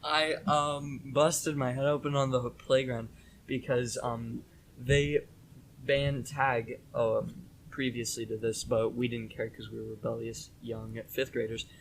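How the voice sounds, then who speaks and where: A young man co-hosting a casual podcast, telling a story in a rambling, animated way with lots of fillers. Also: mid-range voice, measured pace, creaky, a little hiss or hum. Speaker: podcast co-host.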